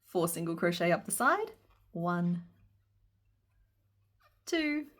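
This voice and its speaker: A woman walks through a crochet pattern, counting each stitch aloud. Her voice sits a little low for a woman, and she talks in a patient, playful way with frequent giggles. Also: sing-song, slow, fairly bright tone. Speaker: crochet instructor. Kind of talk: step-by-step craft tutorial.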